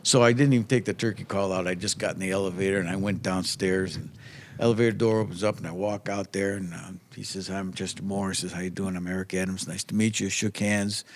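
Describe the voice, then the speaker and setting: A man's voice: low voice, fairly even intonation, fast, slight background noise. A man from New York, a podcast guest, telling a story in casual chat, acting out the dialogue and swearing freely.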